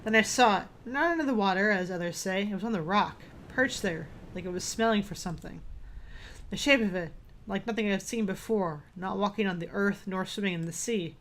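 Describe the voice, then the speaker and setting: A grim, vengeful old fisherman from a spooky game, read out by a woman. His lines come out at a middle pitch with small slips here and there. A faint noise sits under the recording. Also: a little fast, a bit bright, close to an everyday voice. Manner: reads game dialogue aloud with some stumbles.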